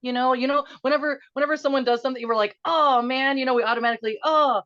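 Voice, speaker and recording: A middle-aged woman guest speaking earnestly and emotionally in quick bursts, then slowly guiding a breathing exercise. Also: sits high, steady tone, a bit bright, no room sound, lo-fi sound. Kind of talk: conversational interview, guided breathing.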